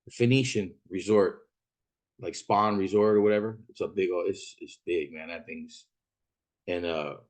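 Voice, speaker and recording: A man from Arizona casually retelling a rideshare story, profane and animated, acting out the other people's lines. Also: deep voice, moderate pace. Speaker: rideshare driver telling a story.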